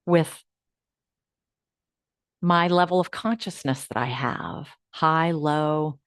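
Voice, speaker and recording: A woman hosting a live online class, guiding listeners through affirmations in a coaching manner that moves between hushed and lively. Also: deep voice, slow, clean tone, dry recording, clean studio sound. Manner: warm coaching, swings from hushed to animated. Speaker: host of an uplift program.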